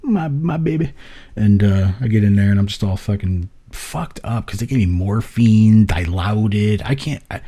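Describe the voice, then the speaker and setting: A man with a low, husky voice and a dark, mellow tone, chatting casually on a podcast. He tells his story with loose, profane energy and swears freely. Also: moderate pace, few pauses. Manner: swears freely, lively retelling. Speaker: podcast co-host.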